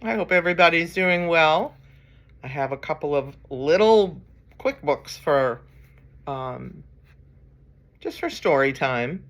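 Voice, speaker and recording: A woman reading a picture book aloud for story time, playfully acting out the noises and coaxing children to join in. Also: low voice. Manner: playful, acts out animal and sound noises, coaxes listeners to join in.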